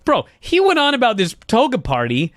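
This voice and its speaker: A man's voice: extremely high pitch, wildly swooping pitch, fairly quick, dry recording, studio quality. A man co-hosting a casual chat, ranting with plenty of swearing and exasperation. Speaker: podcast co-host.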